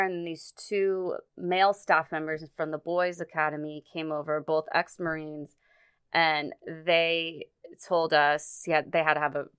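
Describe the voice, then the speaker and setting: A woman with a low, smooth voice tells a story in relaxed conversation. She stops and restarts often and fills her pauses with "like" and "um". The sound is close and dry, with no room around it. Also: no echo. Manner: halting, many fillers and restarts. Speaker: guest recounting a personal story.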